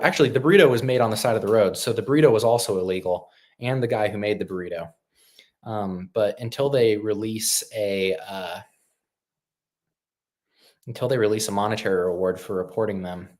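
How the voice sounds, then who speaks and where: A man's voice: fairly low pitch, darkish tone. A man hosting a live stream, talking casually in a rambling, opinionated way with lots of fillers and restarts.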